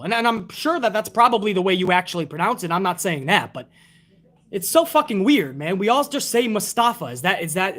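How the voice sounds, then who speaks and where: A man's voice: high-pitched, fairly bright tone. A man reviewing a wrestling show on a live stream, ranting casually with heavy swearing and sarcasm while reading out viewer tips.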